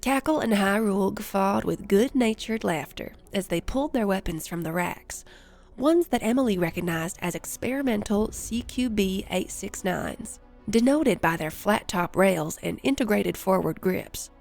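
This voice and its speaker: A woman reading an action story aloud as narrator in a measured storytelling manner. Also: medium pitch, animated, vocal fry, darkish tone. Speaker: audiobook narrator. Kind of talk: scripted narration. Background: faint music.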